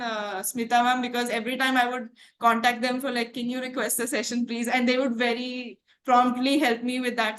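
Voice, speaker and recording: A young woman from India giving an earnest, reflective testimonial about a coaching course, often pausing with fillers and "like". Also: fairly high pitch, fairly bright tone. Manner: earnest, thoughtful, frequent fillers and "like".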